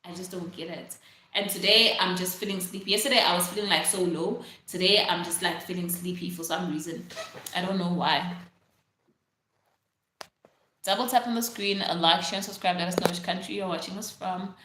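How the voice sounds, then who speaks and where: A young woman with a South African accent chats casually to her livestream viewers, reading their comments aloud. Her voice is bright and forward, and her talk is full of "like" and "literally". The room around her rings with strong echo. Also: fairly low pitch, fairly even intonation, fairly quick, slight background noise. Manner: chatty, many fillers like "like" and "literally", reads out viewer comments. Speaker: livestream host. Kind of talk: casual live-stream chat. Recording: very echoey room.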